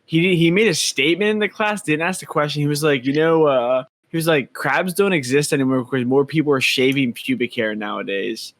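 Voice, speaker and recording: A man's voice: on the high side, a little fast, few pauses, fairly bright tone. A young man co-hosting a podcast, sharing anecdotes and laughing often in casual chat. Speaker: podcast co-host.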